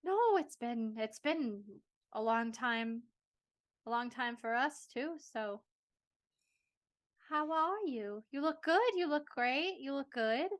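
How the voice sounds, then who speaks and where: An eager mother fusses over her child in a tabletop game, repeating herself and stumbling over her words, as a woman plays her in close to her own voice. Her voice sits a little high. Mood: tender. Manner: eager, fussing, halting. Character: Rosie, a warm mother greeting her child.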